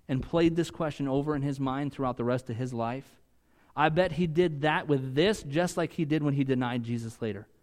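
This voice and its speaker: A man preaching a sermon in a conversational way, moving from loud, emphatic peaks to quiet asides. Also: a little high. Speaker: pastor.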